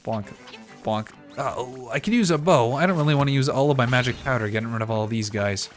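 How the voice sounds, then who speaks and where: A Canadian man with a medium-pitched voice gives loose, rambling commentary as he plays, full of "like" and "uh". Faint music plays under his voice. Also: fast. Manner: chatty, rambling, with many fillers. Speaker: streamer playing a game. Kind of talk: casual gameplay commentary.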